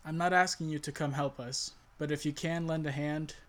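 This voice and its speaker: A man's voice: on the high side, fairly even intonation, moderate pace, a bit bright, lightly acted. A man playing a male warrior leader in a tabletop game, speaking earnestly and plainly in his own voice. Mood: persuading. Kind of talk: in-character tabletop role-play.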